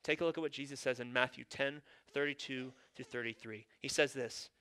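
A man's voice: medium pitch, steady tone, fairly quick, sharp tone, clear, resonant tone. A male pastor preaching a sermon in an earnest, conversational way, with casual asides.

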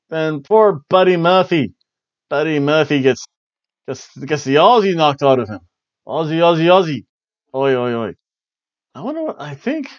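A man's voice: a little high, no room sound, muffled recording. A man hosting a wrestling review podcast, talking casually in a rambling, jokey way and slipping into silly voices. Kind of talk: casual solo recap.

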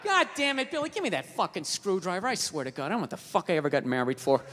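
A man voicing a short-tempered middle-aged father who swears through gruff outbursts, in a reverberant hall. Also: high voice, sing-song, quick pace, fairly bright tone, pitched below the performer's own voice. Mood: exasperated.

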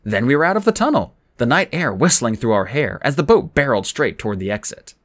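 A man reading an adventure novel aloud in the first person, with an expressive, dramatic delivery. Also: medium pitch, fast talker, no echo. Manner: expressive, dramatic reading with raised character lines. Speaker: audiobook reader.

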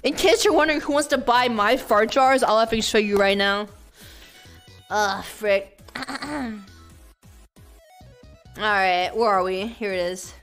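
A young woman streaming live, chatting casually with her viewers and often breaking into shrieking shouts and laughter. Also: medium pitch, unhurried, long pauses, faint music behind. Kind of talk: casual livestream chat.

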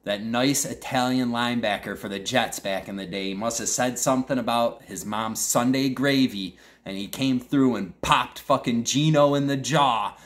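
A man's voice: mid-range voice, normal speed, hardly any pauses, fairly bright tone. A young man with a Western New York accent hosts a podcast, trash-talking his fantasy football league in a crude, mock-angry rant. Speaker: podcast host.

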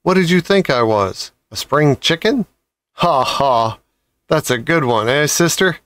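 A man voicing a big, hearty, loud male pig who jokes in an overly familiar way, in a storybook reading. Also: a little high, animated, unhurried, dry recording. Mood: hearty joking.

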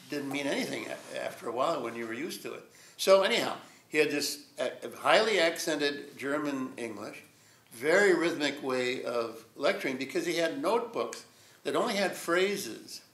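A man's voice: on the high side, a bit bright. An older man giving a rambling, reflective storytelling lecture at a college, chuckling often. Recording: echoey lecture room.

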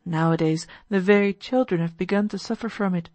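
A woman voicing a gentle, earnest young man in an audiobook, speaking calmly and sincerely. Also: lowish voice, fairly quick, no room sound, close to an everyday voice. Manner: calm, kind, sincere counsel. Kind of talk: audiobook character voice.

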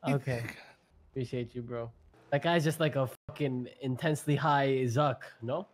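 A man's voice: mid-range voice, normal speed, a little hiss or hum. A man in casual game roleplay, brash and swearing freely.

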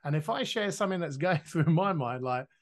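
A man, a podcast guest explaining his ideas in a lively, casual way, acting out quoted voices and swearing now and then. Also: a little high, fairly quick. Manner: animated, swears freely, acts out quoted voices.

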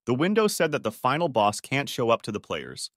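A man narrates a scripted story recap at a fairly quick clip, his pitch moving freely line by line though his delivery stays even and steady. It's a close, dry recording with no room sound.

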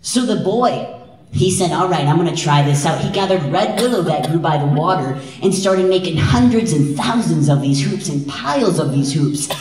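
On stage in a big event hall, a Wisconsin man who presents dances and tells stories shares a traditional tale at a moderate pace in a high-pitched voice. He keeps the audience engaged, tossing out "right?" again and again with lively energy. The hall echoes, and he sounds distant from the mic.

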